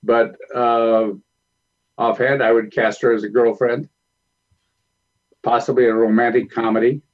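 A male film director speaking as a talk show guest, calm and measured as he recounts stories. His voice sits at a middle pitch. The sound is slightly dull and lo-fi. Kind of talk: interview storytelling.

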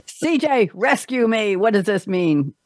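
A woman's voice: mid-range voice, very animated, unhurried, darkish tone, no room sound, clean studio sound. A woman hosting a radio talk show, chatty and laughing often as she tells stories about her stand-up days. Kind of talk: casual interview chat.

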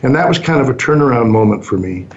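Speaking fast with lively intonation, a mid-range male voice belongs to a business owner in his sixties being interviewed. He spins his answers into easygoing stories and acts out the lines he quotes, though the sound is dull and muffled.

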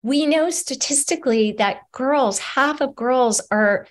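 A woman's voice: high voice, takes it slowly. Earnest middle-aged woman on a video call. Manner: earnest and animated, acts out examples. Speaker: author and interview guest. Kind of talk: conversational interview.

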